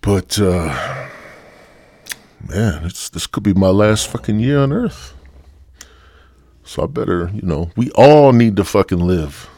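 A man's voice: lowish voice, lively intonation, slow, pauses often, dark tone, no room sound. A male podcast host rambling bluntly through a profane solo rant. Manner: rambling, heavy swearing, blunt.

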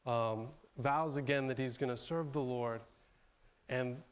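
Speaking at a measured pace in a mid-range voice, this smooth-voiced pastor preaches a sermon that retells a Bible story. He keeps it loose and conversational, frequently starting over, repeating himself, and clearing his throat between phrases.

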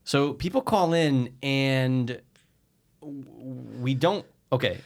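A young man co-hosting a casual podcast, telling stories in a rambling, animated way with lots of swearing and restarts. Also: mid-range voice, slow. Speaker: podcast co-host.

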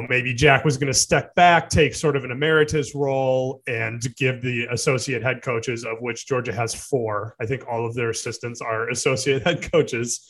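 A man's voice: mid-range voice, a bit bright. A man who is an editor and regular on a podcast, talking through news at length and teasing his co-host. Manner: teasing, talks through ideas with fillers. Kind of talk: casual podcast discussion.

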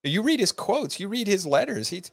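A man's voice: sits high, big pitch swings, normal speed, vocal fry, dry recording. A man giving an earnest, rambling lecture to his class, with heated rhetorical questions. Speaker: teacher hosting an online class. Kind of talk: unscripted lecture to students.

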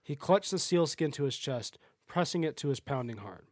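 A man's voice: on the high side, animated, normal speed, dry recording, studio quality. A man, a podcast host, reading a folktale aloud with small stumbles and self-corrections.

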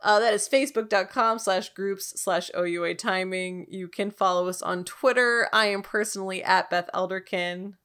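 A woman's voice: mid-range voice, steady tone, moderate pace, hardly any pauses, a bit bright, clear, resonant tone. A woman co-hosting a podcast, chatting casually and reading the outro with a playful, laughing manner. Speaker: podcast co-host.

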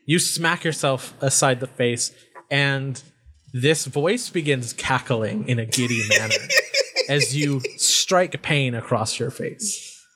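A man runs a tabletop game, narrating scenes and answering rules questions in a middle-pitched voice. He talks casually, restarting his sentences as he explains. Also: slow pace, a bit bright. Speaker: game master.

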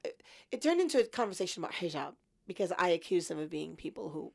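A woman in her fifties recounting her story as an interview guest, reflective and lively when quoting her past thoughts. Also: fairly low pitch, fast talker, vocal fry. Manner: reflective, animated in quoted thoughts.

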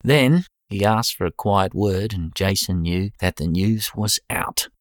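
A very low-pitched man with an Australian accent reading a story aloud in a plain, steady way. His delivery is relaxed and slangy, and the sound is dry and close, with no room around it. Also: unhurried, dry recording. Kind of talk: audiobook narration.

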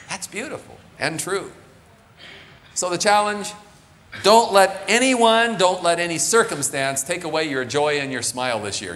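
A man's voice: mid-range voice, a bit bright. Man preaching in a reverberant church. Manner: earnest, rising and falling preaching cadence. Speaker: pastor. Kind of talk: sermon. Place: church sanctuary. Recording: long reverb of a large church.

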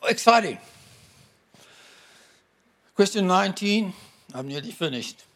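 A middle-aged man preaching a sermon to a congregation, emphatic and animated. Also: high voice, slow pace. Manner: animated, emphatic, bursts into acted-out quotes.

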